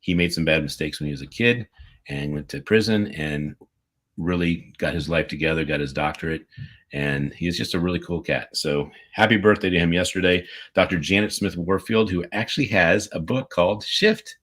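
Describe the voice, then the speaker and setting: Enthusiastic male co-host with a very low voice, talking casually on a video call. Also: normal speed, fairly bright tone. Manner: enthusiastic, rambling, upbeat. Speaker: podcast co-host. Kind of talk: casual livestream chat, reading birthday shout-outs. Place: remote livestream video call.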